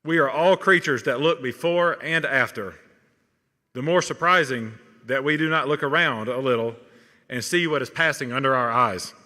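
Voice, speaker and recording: A man's voice: mid-range voice, moderate pace, pushed and bright. A man giving an earnest, encouraging commencement address from a podium in a large hall. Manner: earnest, encouraging, quotes sayings. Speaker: commencement speaker. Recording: long hall reverb.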